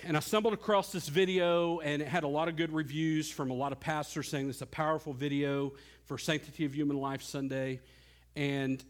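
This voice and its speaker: A middle-aged pastor delivers an earnest sermon, moving from soft, low passages to loud, rising ones.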